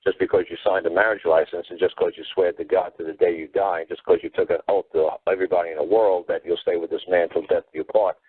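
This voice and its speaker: A man's voice: low-pitched, level tone, fast talker, hardly any pauses, husky, dry recording. A man giving emphatic, rambling advice on a call-in talk show, heard over a phone line. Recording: tinny dry phone line.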